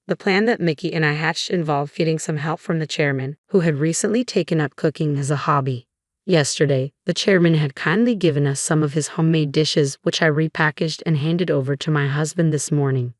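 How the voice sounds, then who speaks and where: A woman narrating a first-person story in a steady, scripted way. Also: low-pitched, fairly quick, no echo, clean studio sound.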